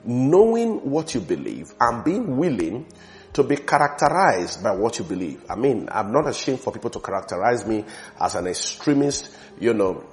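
A man preaching a sermon with emphasis, repeating words for stress and swinging between soft and loud passages. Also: medium pitch, big pitch swings, normal speed.

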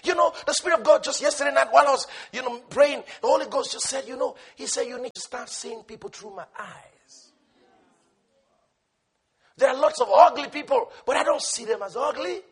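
A man preaching a sermon with passion, swinging from shouted lines to hushed asides. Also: very high-pitched, quick pace, hardly any pauses.

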